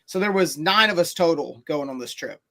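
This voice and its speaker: A man telling a long story on a casual podcast, animated and rambling, with many fillers and restarts. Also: on the high side, brisk.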